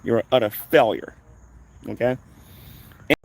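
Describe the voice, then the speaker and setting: A man's voice: medium pitch, animated, fast talker, slight background noise. A man streaming a ranting monologue, confrontational and mocking toward his critics.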